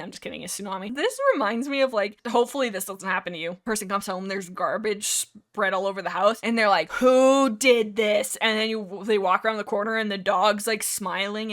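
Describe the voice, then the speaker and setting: A young woman giving casual, animated tier-list commentary, teasing herself and talking straight to each character. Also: medium pitch. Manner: animated, self-mocking, talks to the characters directly. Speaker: YouTuber ranking characters.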